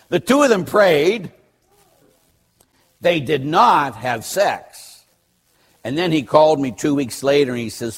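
An older man, a Catholic priest, preaching bluntly and telling stories with dry humor, loud one moment and soft the next. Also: medium pitch, big pitch swings, slow, pauses often. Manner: blunt, joking storyteller who swings between loud and soft. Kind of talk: sermon with personal stories.

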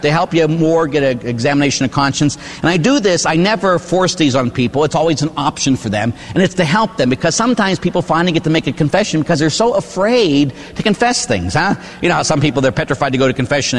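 Older priest preaching in an echoey hall. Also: male voice, a little high, fast talker, hardly any pauses. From Pittsburgh, USA. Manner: animated storytelling, acts out quoted voices, tag questions "huh?". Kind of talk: preaching on confession. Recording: echoey hall with long reverb.

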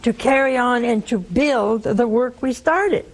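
Woman preacher, slow and fairly high, conversational sermon with rhetorical questions.

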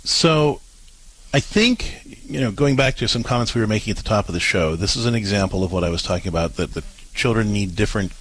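Husky low-voiced man giving parenting advice. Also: a bit bright, rough recording. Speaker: parenting show co-host. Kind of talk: advice talk show.

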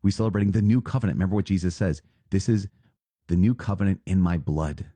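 A man's voice: low voice, quick pace, dark tone, breathy edge, no room sound. A man hosting a podcast, reading catechism paragraphs and reflecting on them earnestly, repeating phrases for emphasis. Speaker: podcast host, priest teaching.

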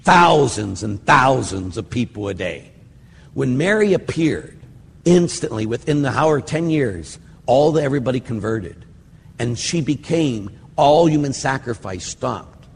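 A man's voice: medium pitch, animated, measured pace, vocal fry, in a large hall, slight background noise. An older man, a priest, giving a rambling, conversational teaching talk on prayer, full of fillers and asides.

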